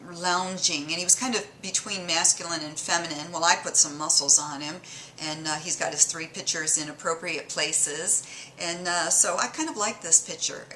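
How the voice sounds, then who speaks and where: A woman's voice: fairly low pitch, pushed and bright, a little hiss or hum, rough recording. A woman chatting casually while showing her drawings, rambling and hesitant with many ums and self-corrections, in a playfully mocking tone. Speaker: vlogger.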